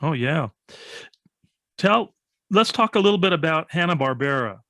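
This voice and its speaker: A man's voice: a little high, animated, moderate pace, a bit bright, dry recording, clean studio sound. A man hosting an interview, asking short, encouraging questions. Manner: brief, encouraging prompts. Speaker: host.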